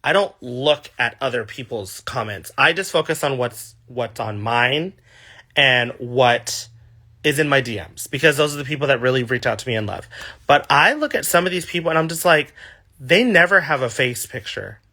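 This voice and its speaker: A man's voice: medium pitch, normal speed, sharp tone. A man in his thirties chatting casually on a livestream, answering fan questions with a gushing, sassy manner. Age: 30s.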